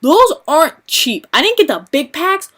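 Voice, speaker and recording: A woman's voice: high-pitched, very animated, normal speed, fairly bright tone. A young woman vlogging a casual rant, chatty and exasperated, swearing freely and saying "like" a lot. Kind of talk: casual venting rant to camera.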